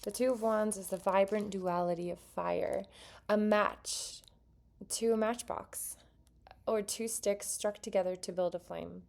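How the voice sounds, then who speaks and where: A woman reads tarot cards for an online audience, mixing passages from her card book with her own chatty, earnest asides. Her voice sits at a middling pitch with a noticeable gravelly fry running through it. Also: steady tone, a little slow, darkish tone. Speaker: tarot reader. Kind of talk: casual tarot reading to viewers.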